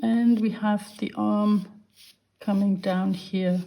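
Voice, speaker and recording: Sketching as she goes, this art teacher guides beginners through a drawing lesson one step at a time, with slow, patient speech. Her middle-pitched voice is steady, mellow, and a bit creaky.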